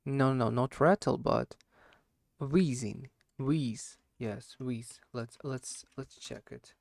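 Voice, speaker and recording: A non-native English speaker works through a solo speaking practice, full of fillers and self-corrections. His mid-range voice is gravelly with a slight harsh wheeze, and he takes it slowly; the recording is dry and studio quality.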